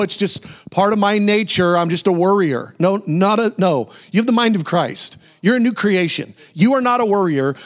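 Male pastor preaching, high voice, swoops up and down a lot, repeats lines slowly for emphasis. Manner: animated preaching with sudden high exclamations and slow emphatic repetition. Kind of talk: sermon.

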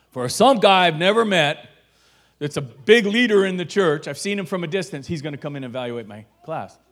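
A middle-aged man telling a personal story, acting out the dialogue and swinging from hushed asides to shouted lines. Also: high voice. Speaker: guest telling his story. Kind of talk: animated storytelling.

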